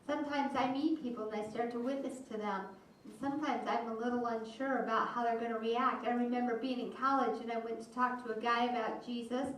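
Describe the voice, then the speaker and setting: A woman voicing a sermon aloud for an interpreted service, with slow, measured phrasing and pauses. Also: on the high side, fairly even intonation, a bit bright. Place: church sanctuary. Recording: distant, echoey church hall, faint hum.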